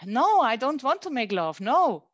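A woman voicing a restless, eager seventeen-year-old girl traveller, speaking brightly and emphatically. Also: fairly low pitch, lively intonation, moderate pace, dry recording, lo-fi sound, lightly acted. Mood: refusing.

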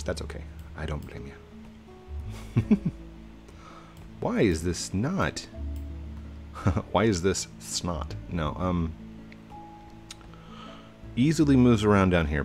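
A man giving casual let's-play commentary, chatting playfully to himself and his viewers as he plays. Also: sits low. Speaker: YouTube gamer.

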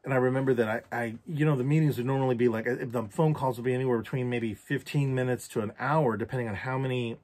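A man's voice: mid-range voice, fairly even intonation, fast talker, few pauses, darkish tone. A man recounting a personal story for a journal vlog, candid and reflective, with casual swearing. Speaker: vlogger.

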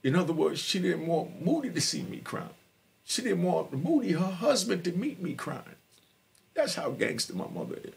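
A middle-aged man tells his personal story as a podcast guest, emphatic and streetwise, speaking straight to listeners. His voice sits high with big pitch swings, creaky and husky, at normal speed.

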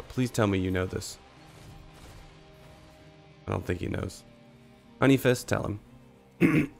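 A man's voice: mid-range voice, creaky. A man with a cold, coughing now and then while casually commenting on his live gameplay and chatting to teammates and viewers. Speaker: gaming streamer.

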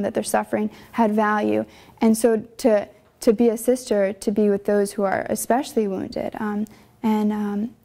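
A young religious sister recounts her calling, earnest and emotional, stumbling through little fillers as she goes. Her voice sits a bit high yet sounds mellow, with a gravelly edge. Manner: earnest, conversational, many fillers; emotional storytelling. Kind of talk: personal vocation testimony.

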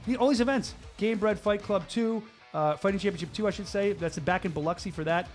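A higher-pitched man hosts a casual combat sports talk show. He rattles along at a rapid clip, excitable and a little scattered, with frequent restarts. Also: faint music behind. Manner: fast, excitable, stumbling restarts. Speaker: show host.

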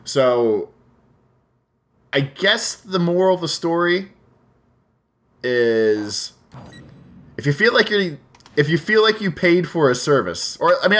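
A man with a mid-range, slightly bright voice hosts a let's play, spinning a lengthy, casual yarn over the gameplay. He rambles, swears heavily, and keeps restarting.

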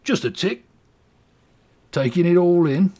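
A man voicing a cheery male mudlark in a bad put-on English accent, high and swooping. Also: lively intonation, measured pace, mellow. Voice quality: high, sing-song, swooping.

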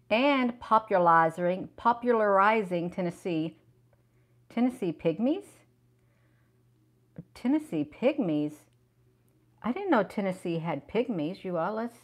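A woman's voice: medium pitch, poor audio. A middle-aged woman hosting a casual livestream from the woods, chatting with viewers and reading aloud, and she keeps saying "you all". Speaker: livestream host. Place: outdoors in the woods. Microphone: clip-on mic with cord.

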